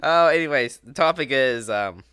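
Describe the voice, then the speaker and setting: A young man co-hosting a casual chat in a relaxed way, steering the conversation. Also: medium pitch, normal speed, smooth, no echo. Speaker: podcast co-host.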